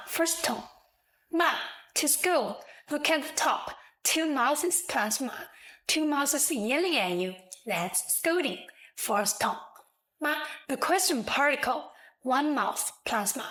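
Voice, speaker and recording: A woman narrating a scripted language lesson, explaining slowly, clearly and deliberately. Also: fairly high pitch, fairly bright tone, rough recording. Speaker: language teacher.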